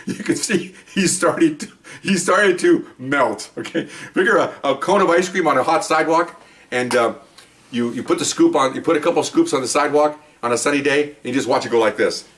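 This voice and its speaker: A man's voice: a little high, fast talker, fairly bright tone, distant mic. A man, older, telling stories from his police days in a casual monologue, acting out other people's lines and often laughing.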